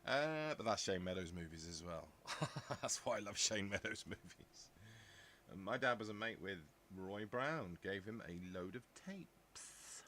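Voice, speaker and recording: A man's voice: lowish voice, expressive, a little slow, sharp tone, a little hiss or hum. A man, chatting casually as a podcast host, rambling along with jokey asides. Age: 50s. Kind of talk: casual chat.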